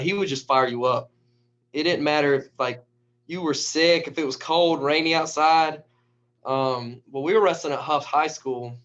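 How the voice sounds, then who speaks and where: A man, a high school wrestling coach, telling stories in a casual, animated way and acting out the lines of people in them. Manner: animated storyteller who acts out quotes. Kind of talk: casual storytelling. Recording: dull lo-fi recording.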